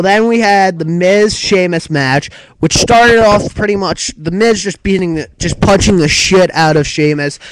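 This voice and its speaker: In a rough recording, a man who co-hosts a wrestling talk show chats casually through a recap. He rambles loosely, dropping plenty of "like" and "um" plus the odd swear, in a voice fairly high for a man.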